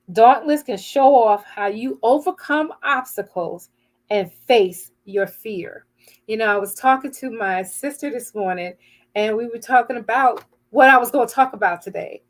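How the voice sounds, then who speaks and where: An older woman hosting an inspirational broadcast, giving a heartfelt, earnest devotional talk and sometimes searching for words. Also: a little high.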